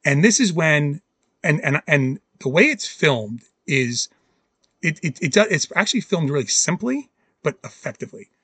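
A man co-hosting a podcast in casual chat, excitably acting out movie scenes in quoted voices. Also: on the high side, husky, no echo. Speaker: podcast co-host.

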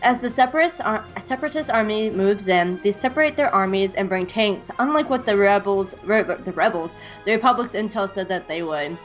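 Reading out an episode recap, this fan-podcast co-host talks briskly with hardly any pauses, laughing readily along the way. Her voice is mid-range, and faint music plays behind her.

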